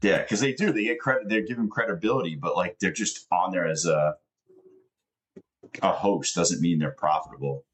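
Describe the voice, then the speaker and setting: Very deep-voiced man, blunt and casual. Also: normal speed. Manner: blunt, dismissive, profane. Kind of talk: casual chat on a live stream.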